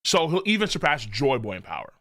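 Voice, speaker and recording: A man streaming a live manga reaction, talking in an animated, profane way with lots of laughing asides. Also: a little high, fast, no echo.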